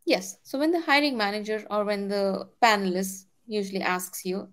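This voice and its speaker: A young adult woman, a product manager, giving candid and energetic career advice, often repeating her key points. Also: medium pitch, normal speed.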